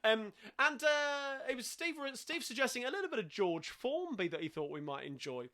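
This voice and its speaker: A man's voice: very high voice, very animated, moderate pace, pushed and bright. A man with a London Cockney accent hosting a live-streamed sing-along, chatting casually between songs with lots of fillers and restarts.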